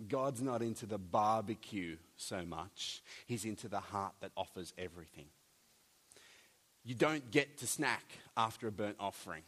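A man preaching a sermon, animated, with jokey asides and big swings between loud and soft. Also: on the low side, normal speed. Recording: long hall reverb.

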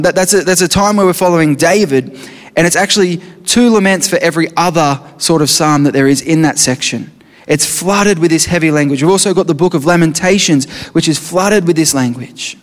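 A high-pitched man preaching a sermon, earnest as he reads scripture aloud. His voice rings with the long reverb of a big hall. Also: normal speed.

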